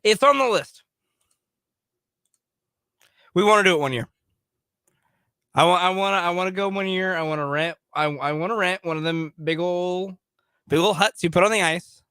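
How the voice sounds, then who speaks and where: A man co-hosting a sports talk radio show, chatting casually and defending himself with lively restarts. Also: high voice, a little fast, smooth, no echo. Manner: animated, self-defending, repeats words.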